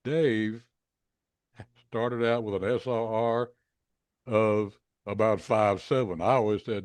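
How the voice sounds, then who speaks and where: A man's voice: slow pace, long pauses, clear, resonant tone, no room sound. A man casually telling a long anecdote, acting out the people in it with big jumps in his voice. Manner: animated, acts out quoted voices with pitch jumps.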